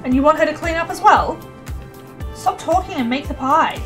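A woman's voice: high voice, expressive, normal speed, fairly bright tone, faint music behind. A young woman chatting through a life-sim game, bossing the characters around and laughing often. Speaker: let's play gamer. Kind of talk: casual gameplay commentary.

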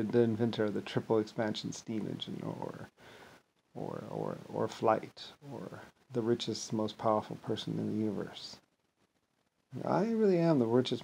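A man talking in a rambling, grandiose monologue, mostly low and mumbled with sudden loud bursts, mocking others in blah-blah voices. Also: vocal fry, slight background noise. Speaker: vlogger.

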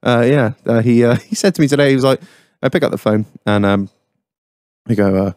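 A man's voice: mid-range voice, fast, a little mellow, smooth, dry recording, studio quality. A man hosting a podcast in casual chat, swearing freely, laughing often and acting out the people he quotes. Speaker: podcast host.

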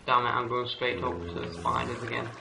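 Excitable gamer man yelling at mobs. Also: mid-range voice, fairly quick, vocal fry, heavy background noise. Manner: excitable, yelps and rages at enemies. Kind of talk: let's play commentary.

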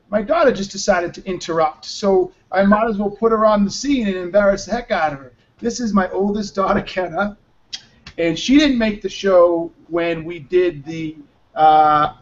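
A man hosting a casual live web show. He is tired and talks in a loose, rambling, profane way. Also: high voice. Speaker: show host. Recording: dull lo-fi stream audio.

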